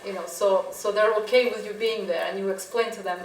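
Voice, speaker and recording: A woman's voice: mid-range voice, fairly even intonation, fairly quick. A woman photographer answering audience questions in a chatty, storytelling way, laughing often. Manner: chatty storytelling, frequent laughs and "you know". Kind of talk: gallery Q&A talk. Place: gallery talk in front of an audience. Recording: echoey room, voice from a distance, faint hiss.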